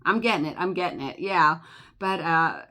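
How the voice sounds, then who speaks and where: A woman's voice: fairly low pitch, moderate pace. Older New Jersey woman, travel vlogger, rambling chatty delivery, full of fillers. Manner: chatty, animated, many fillers and laughs. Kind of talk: casual rambling chat.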